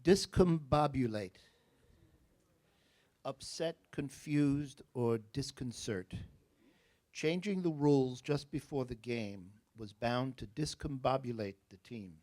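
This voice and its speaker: A man's voice: medium pitch, darkish tone. New Jersey man pronouncing spelling words. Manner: measured, deliberate, with joking asides. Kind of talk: reading words, definitions and example sentences.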